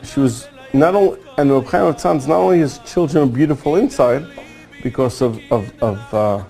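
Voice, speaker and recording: Gravelly man telling a sermon story. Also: on the high side, low-quality recording. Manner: animated storyteller, acting out quoted dialogue. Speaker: Kabbalah teacher.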